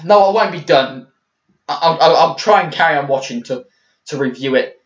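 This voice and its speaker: A man's voice: a little high, animated, moderate pace. A young man ranting about a show in an angry video review, swearing and restarting his sentences. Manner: heated, swearing, frequent restarts. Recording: echoey room, dull lo-fi mic.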